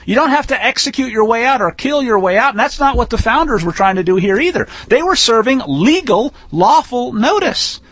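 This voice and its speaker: A high-pitched man preaches in a folksy, emphatic manner, building to forceful declarations. His voice has a husky grain, and the recording is dry and close with little room sound. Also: expressive, a little fast, hardly any pauses, no room sound. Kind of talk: sermon-style teaching.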